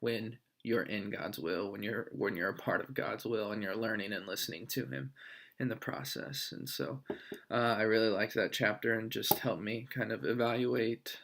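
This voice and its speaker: A young man, a student, recording a discussion post in a thoughtful, halting way with many fillers. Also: fairly low pitch, vocal fry, fairly bright tone.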